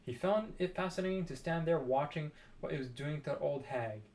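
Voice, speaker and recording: A man reading a children's book aloud, expressive with dramatic pauses. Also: on the high side. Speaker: storybook reader.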